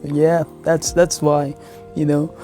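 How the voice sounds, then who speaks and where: Casual male commentator, warm and even-toned, blunt and matter-of-fact, soft music under him. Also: on the high side, takes it slowly. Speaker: commentary host.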